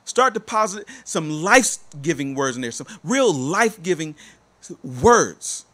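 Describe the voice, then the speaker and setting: Emphatic preaching man with a lively voice. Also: fairly high pitch, measured pace. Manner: emphatic, repetitive, exhorting. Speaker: life coach. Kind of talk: motivational preaching.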